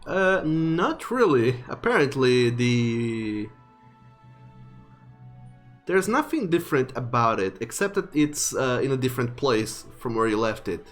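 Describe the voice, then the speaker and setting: A man narrating as game master of a tabletop role-playing game, relaxed and full of fillers. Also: medium pitch, measured pace, faint music behind.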